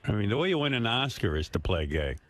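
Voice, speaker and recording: A man's voice: on the low side, big pitch swings, quick pace, a bit bright, faint music behind. A man hosting a radio talk show, teasing his guest with provocative questions. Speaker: radio host. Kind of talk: casual radio banter.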